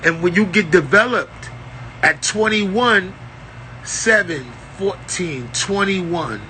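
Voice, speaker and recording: A man's voice: high-pitched, lively intonation, takes it slowly, pushed and bright, slight background noise, poor audio. A man giving an unscripted spiritual rant, lecturing in street slang with a profane, preachy manner. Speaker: self-styled spiritual teacher.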